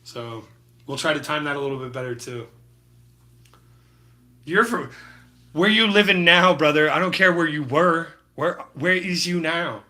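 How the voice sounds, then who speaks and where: Bright-voiced laid-back streaming painter man. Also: a little high, measured pace, long pauses. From Utah. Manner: laid-back, slangy, talks to chat. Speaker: livestreaming painter. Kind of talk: casual live-stream chat while painting.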